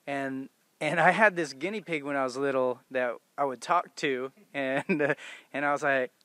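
A man's voice: on the high side, steady tone, normal speed, sharp tone, dry recording. A man in his forties, a voice actor, telling stories in a convention interview and laughing often as he acts out quotes. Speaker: voice actor guest. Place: convention venue.

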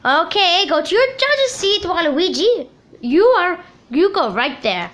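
A woman hosting a homemade plush puppet comedy, rambling and upbeat. Her voice is high and lively, and she talks at an unhurried pace. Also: slight background noise. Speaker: show host.

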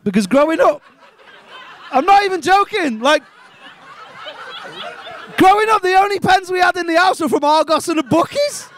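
A Liverpool man in his twenties doing a stand-up set, swearing freely and mocking people with quick put-on voices. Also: extremely high pitch, animated, fairly bright tone, a little hiss or hum. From England. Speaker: stand-up comedian. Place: comedy club stage.

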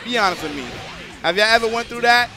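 High bright guy streaming a fighting game, crude jokes, keeps talking to chat, faint music under him. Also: expressive, quick pace. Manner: crude, joking, talks straight to the chat. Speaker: streamer and tournament commentator. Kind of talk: casual live-stream commentary.

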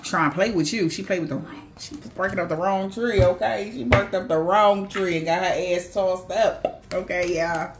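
A woman's voice: fairly low pitch, moderate pace, faint music behind. A woman giving a casual spiritual reading to her viewers, cursing freely, laughing often and talking straight to them. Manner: profane, laughing, animated, talks straight to viewers. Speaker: psychic reader.

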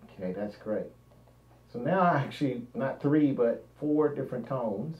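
A man's voice: medium pitch, lively intonation, unhurried. A man narrating a painting demonstration, thinking aloud as he works and often trailing off mid-sentence. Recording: roomy, dull lo-fi sound, mic at a distance.

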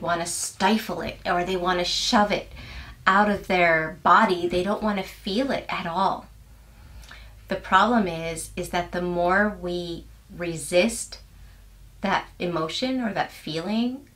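A young adult woman coach talks straight to her viewers in a gentle, earnest manner. Her voice sits a little low, and she lets key words land softly and slowly. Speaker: life coach. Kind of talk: scripted self-help lesson to camera.

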